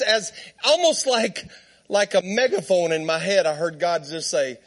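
A man preacher with a notably high voice, telling a long personal story in a loose, conversational way. He laughs often as he goes and keeps turning to the congregation with little asides. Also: a little slow. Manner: lively, laughing, conversational, talks to the crowd. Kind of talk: storytelling sermon.

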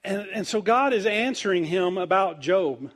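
A man's voice: sits high, normal speed. A man preaching a humorous sermon, acting out the voices in the story as he goes, his volume rising and falling widely. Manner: animated storytelling, acts out quoted voices, wide swings in loudness.

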